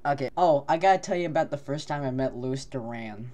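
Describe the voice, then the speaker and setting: A man co-hosting a casual podcast, telling a rambling, animated story and laughing often. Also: mid-range voice, a little fast. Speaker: podcast co-host.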